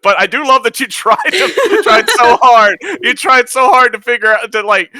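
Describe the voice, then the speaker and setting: A man's voice: very high-pitched, expressive, moderate pace, bright, forceful tone, dry recording. A man, a tabletop game player, chatting casually with stumbling restarts and laughs. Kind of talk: casual chat.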